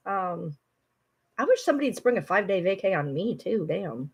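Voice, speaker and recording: A woman chatting casually on a livestream, animated, swearing freely and often breaking into laughter as she talks back to viewers. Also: medium pitch, moderate pace, gravelly, husky. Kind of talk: casual live commentary.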